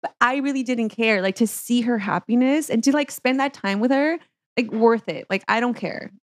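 A woman with a slightly high voice speaks at a moderate pace, recorded cleanly in a studio with no room sound. She's co-hosting a podcast in casual chat, telling a story, acting out quotes, and using lots of "like"s.

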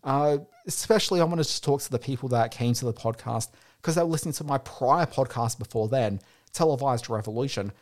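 A man's voice: mid-range voice, a little fast, darkish tone. A man hosting a podcast, talking in a chatty, rambling, heartfelt way, with faint music behind. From Australia. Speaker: podcast host. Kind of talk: casual podcast monologue.

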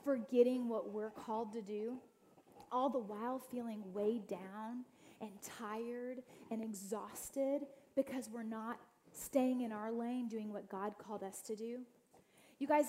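A woman speaking to a church gathering with a slightly high voice. She tells personal stories and talks straight to her listeners. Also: dark tone, a little hiss or hum. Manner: storytelling, addresses the audience directly; acts out quoted family voices. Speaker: guest speaker. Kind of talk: inspirational church talk.

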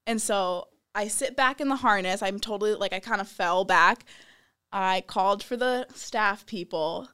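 A young woman tells a story casually and with animation, laughing often and acting out what people said. Her mid-range voice is smooth and moves at a normal speed.

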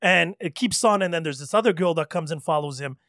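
A man hosting a casual chat, telling animated stories and laughing often. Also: a little high, fast, no echo, studio quality.

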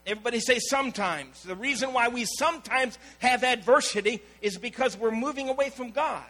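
High, bright-voiced preacher man. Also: fairly quick, low-quality recording. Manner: storytelling preacher, acting out quoted voices. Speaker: pastor. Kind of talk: sermon.

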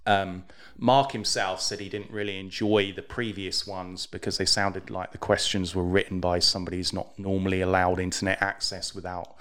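A man's voice: sits low, flat delivery, normal speed, hardly any pauses, fairly bright tone. A man with an English accent co-hosting a podcast, chatting casually with dry, wry humor. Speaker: podcast co-host. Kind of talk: casual chat.

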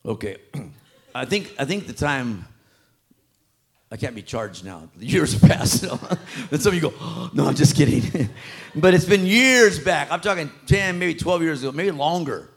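Man preacher, sermon in church, lively pitch swings, acts out voices. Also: unhurried, gravelly. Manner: animated preaching, acts out quoted street talk.

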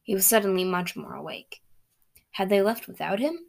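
Her steady, casual reading at normal speed brings a young woman's self-written fantasy story to her podcast listeners. Her voice is middle-pitched and noticeably gravelly with fry.

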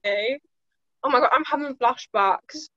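A woman's voice: sits high, normal speed, fairly bright tone, no room sound, dull audio. A young woman co-hosting a podcast, chatting casually in an emotional, giggly, dramatic way. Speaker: podcast co-host. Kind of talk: casual chat.

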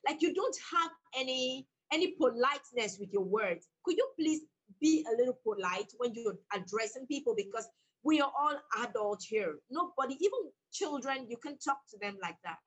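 Husky-voiced woman, emphatic. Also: on the high side, animated, normal speed, rough recording. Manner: emphatic, bold, laughs often. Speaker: author and guest. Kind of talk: animated storytelling in conversation.

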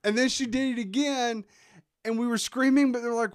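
High-voiced man telling laughing stories. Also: moderate pace, smooth, no room sound, clean studio sound. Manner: laughs a lot while telling animated stories. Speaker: podcast co-host. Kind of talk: casual chat, storytelling.

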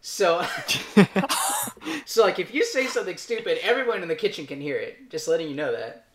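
Low-voiced woman telling funny stories. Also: lively intonation, moderate pace, crowd noise. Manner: laughs often, tells funny stories. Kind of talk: casual group chat.

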